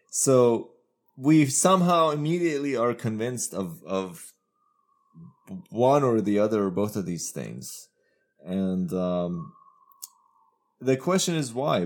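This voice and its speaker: Low-voiced man musing on philosophy. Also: a little mellow. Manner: analytical, philosophical, laughs often. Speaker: podcast co-host. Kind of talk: casual chat.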